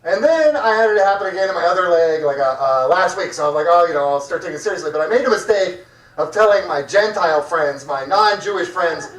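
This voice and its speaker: A man's voice: high voice, expressive, fairly quick, fairly bright tone. A man hosting a stand-up comedy night, crude and rambling, joking with the crowd in the back room of a restaurant. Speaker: comedy show host. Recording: echoey room, mic heard from far off.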